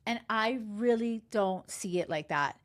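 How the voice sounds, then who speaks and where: A woman dating coach recapping a reality show in casual chat, emphatic and animated, swearing freely and acting out quotes. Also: medium pitch, a little slow. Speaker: love and dating coach, podcast host.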